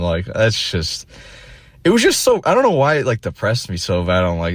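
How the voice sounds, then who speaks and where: A man's voice: sits low, huge pitch swings, moderate pace, no echo. A young man telling a rambling, self-deprecating story in a casual vlog monologue, full of fillers and restarts.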